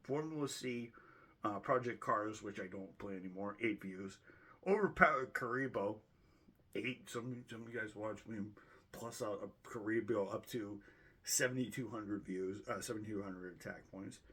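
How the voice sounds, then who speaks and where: A man's voice: on the low side, moderate pace, bright, forceful tone, husky. A man with a Boston accent hosting his own channel, rambling casually through his yearly viewer stats and correcting himself as he jokes. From Boston, United States. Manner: rambling, self-correcting, joking. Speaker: channel host. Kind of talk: casual year-end stats review.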